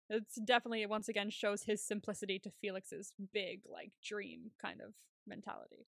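A woman's voice: mid-range voice, fairly even intonation, a little fast, vocal fry, few pauses, no room sound, studio quality. A young woman co-hosting a podcast, chatting casually and laughing often as she retells scenes. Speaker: podcast co-host. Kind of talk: casual recap chat.

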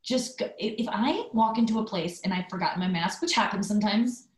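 A woman's voice: mid-range voice, echoey room, low-quality recording. A woman hosting a podcast, telling a rambling story in casual chat with lots of fillers and asides. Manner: chatty storytelling, loose fillers, quick asides. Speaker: podcast host. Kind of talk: casual monologue.

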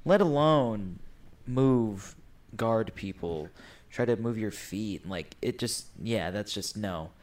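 Laid-back man, low voice. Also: expressive, slow, a little mellow. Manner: laid-back, fond of fillers like "you know". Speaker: podcast co-host. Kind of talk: casual sports podcast chat.

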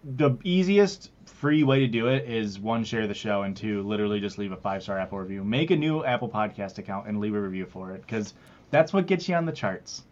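Brief: rambling, jokey podcast host, dull lo-fi mic. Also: male voice, lowish voice, animated, brisk. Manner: rambling, jokey, plugs the show. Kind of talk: casual podcast chat. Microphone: wrong mic picked by the recording software.

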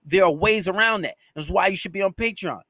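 A little fast and pushed, the bright, high voice of a podcast host and dating coach scolds listeners in a profanity-laden solo rant, pressing every point hard. The sound is dry and close, with no echo or room sound.

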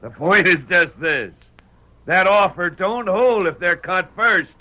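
Mocking frontier scout, folksy slang, very bright sharp voice, slightly high. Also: male voice, expressive, unhurried, full character voice. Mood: jeering. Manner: folksy Western slang, jeering. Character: rough frontier scout, man, crude and mocking.

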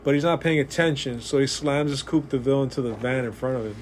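A man, telling stories in a profane, animated way while hanging out at a comic shop. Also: medium pitch, fast talker, a little hiss or hum. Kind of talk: casual chat.

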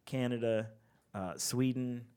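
A man hosting a podcast in a studio, telling stories in a casual, animated way and laughing easily. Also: mid-range voice, slow, clear, resonant tone. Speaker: podcast host.

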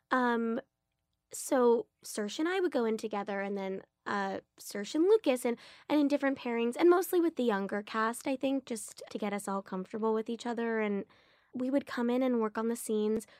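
A woman's voice: a little high, moderate pace, a little mellow, dry recording, clean studio sound. A young woman, an actress guest, chatting casually in an interview, gushing and filling her talk with "like" and "um". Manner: chatty, gushing, many fillers and likes.

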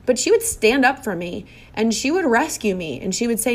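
A woman's voice: fairly high pitch, lively intonation, brisk, hardly any pauses. A middle-aged woman giving a personal, reflective monologue in a heartfelt, earnest way, often repeating phrases for emphasis.

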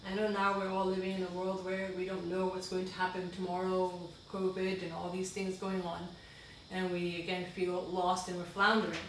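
A woman's voice: lowish voice, monotone, moderate pace. Earnest woman in a very echoey room. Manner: earnest and heartfelt, breaking into asides. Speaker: guest. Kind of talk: reading her own reflective writing aloud. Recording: very echoey room, far from the mic, faint noise.

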